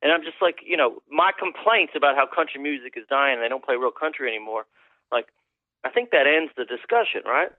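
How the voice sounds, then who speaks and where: A man's voice: medium pitch, lively intonation, a little fast, dry recording. Man, phone-line guest, swearing storyteller, tinny dry sound. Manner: profane, rambling storyteller. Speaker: country musician guest. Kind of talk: casual phone interview. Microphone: phone call.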